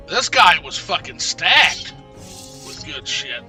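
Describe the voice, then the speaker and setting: Man streamer, high and very bright voice, excitable, profane, a bit off mic with faint game music. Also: slow, far from the mic. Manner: excitable and profane, swearing often. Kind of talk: casual live gameplay commentary.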